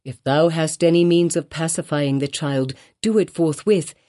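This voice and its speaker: A woman's voice: low-pitched, normal speed, dark tone, natural voice. A woman reading an audiobook voices an anxious clergyman who pleads earnestly and urgently. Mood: pleading.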